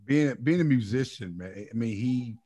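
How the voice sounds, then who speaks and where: Animated man telling family stories. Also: medium pitch, normal speed. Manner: animated storyteller, laughs often. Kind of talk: casual reminiscing chat.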